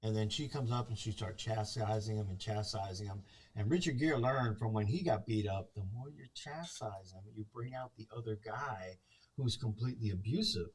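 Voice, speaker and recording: A man's voice: mid-range voice, distant mic. A man on a movie review talk show, retelling a film's story in casual chat and acting out the scenes.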